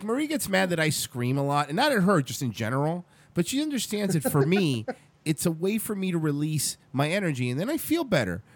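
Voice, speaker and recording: Loud brash man with lively pitch. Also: no echo. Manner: loud, brash, swears freely. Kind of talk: casual banter.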